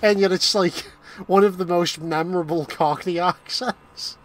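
A man's voice: high voice, fairly even intonation, unhurried. A man trading jokes and swearing freely while playing a co-op game on stream. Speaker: co-op gamer on stream. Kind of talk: casual gaming banter.

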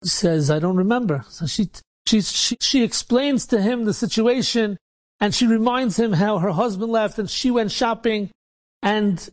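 A man's voice: high-pitched, darkish tone. A man, a rabbi, telling a story in a casual, repetitive way, peppered with Yiddish and Hebrew words.

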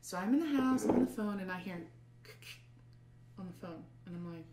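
A young adult woman, an artist guest, telling a story in an excitable, rambling way with frequent laughter and fillers. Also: on the low side, brisk, slight background noise. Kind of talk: animated storytelling. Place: art studio. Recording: roomy, distant mic, faint ambience.

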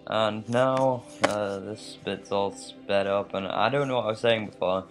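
Low-voiced English let's play host, slightly American-tinged, rambling gameplay voiceover over faint music. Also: male voice, a little slow. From England. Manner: rambling and chatty, with many fillers and tangents.

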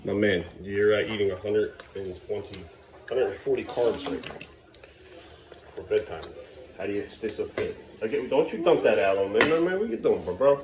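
A man's voice: lowish voice, expressive, moderate pace, background noise. A man filming a casual family vlog at home, coaxing and joking with his children as he hurries them through bath time. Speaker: father filming his kids.

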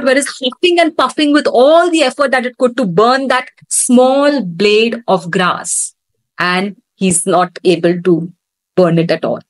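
A woman instructor retelling a scripture story in an animated storytelling manner during a lesson. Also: fairly high pitch, normal speed, no room sound, rough recording.

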